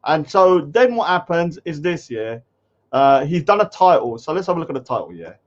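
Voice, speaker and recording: A man's voice: on the high side, very animated, moderate pace. A man commenting scornfully on a livestream, mocking comments. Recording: dull lo-fi stream audio.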